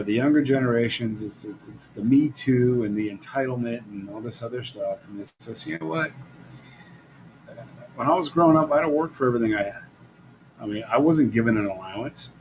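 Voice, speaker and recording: In Las Vegas, a middle-aged man hosting a live show delivers a casual, rambling stream monologue, blunt and laughing often. His voice is at an ordinary middle pitch, and the low-quality recording carries a faint background hiss.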